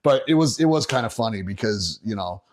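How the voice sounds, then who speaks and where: Animated and fairly quick, a middle-aged bass player from Northeastern Pennsylvania spins a rowdy yarn on a podcast. His voice is a little mellow, and he stays casual and profane, frequently breaking into laughter.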